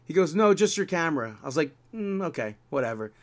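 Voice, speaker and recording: Animated man venting about a venue. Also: fairly high pitch, quick pace. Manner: animated, exasperated retelling with quoted dialogue. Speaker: podcast co-host. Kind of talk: casual chat, storytelling.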